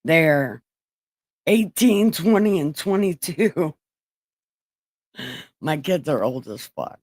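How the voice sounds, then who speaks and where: A woman in her forties hosting a livestream in casual, joking chat, swearing freely and laughing often, with a flat, robotic-sounding voice. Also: sits low, slow pace, no room sound, rough recording. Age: 40s. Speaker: livestream host.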